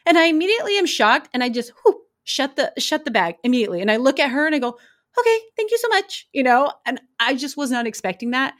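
A woman who works as a crime scene investigator, casually telling wry, animated stories from her work. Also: high voice, fast talker, few pauses. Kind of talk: casual anecdotal storytelling.

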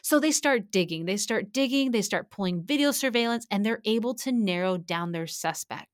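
Female host for casual true-crime narration: animated, frank, acts out quotes, dry and close-miked. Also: mid-range voice, normal speed, dry recording. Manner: animated, blunt and conversational, acting out quoted voices.

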